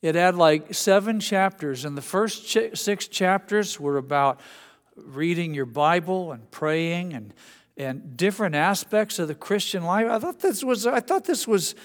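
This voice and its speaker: A man's voice: high-pitched, a little slow, long reverb tail. A male pastor preaching a sermon in a conversational, folksy way, often restarting his sentences. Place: church sanctuary.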